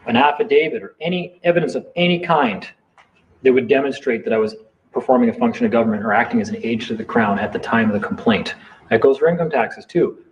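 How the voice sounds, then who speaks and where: Defiant man on a dull lo-fi line. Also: mid-range voice. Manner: heated, defiant storytelling with swearing. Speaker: live stream participant. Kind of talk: casual late-night chat. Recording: dull lo-fi sound with faint noise.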